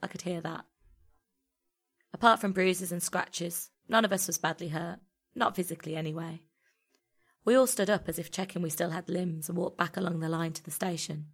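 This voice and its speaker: A woman narrating a first-person story in a measured, intimate way. Her voice sits a little low for a woman, and she reads it out like a recorded storybook.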